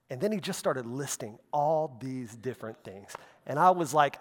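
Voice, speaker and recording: A man's voice: on the high side, lively intonation, moderate pace. A man preaching a sermon in a loose, conversational way, with frequent asides and "right?" and "okay?" tag questions. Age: adult, walked with faith over half his life. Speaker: pastor. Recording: long hall reverb.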